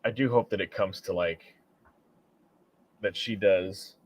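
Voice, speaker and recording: A man's voice: low voice, fairly even intonation, a little slow. A man co-hosting a casual comic book discussion, mostly chiming in briefly. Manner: brief agreeing interjections.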